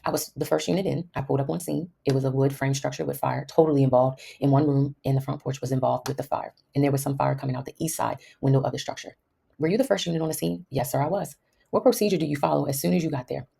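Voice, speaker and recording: Woman host, quick and gravelly, reads all the testimony herself and drops dry asides. Low, dark tone, husky edge. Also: steady tone. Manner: reads every part in the same voice with wry asides. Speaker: podcast host. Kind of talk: reading a court transcript aloud.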